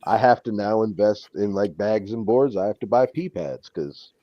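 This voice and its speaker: Low-voiced man swearing through a casual story. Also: moderate pace, dry recording, dull audio. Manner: profane storyteller, mimics others in raised voices. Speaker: co-host on comic unboxing stream. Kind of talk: casual chat. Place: home.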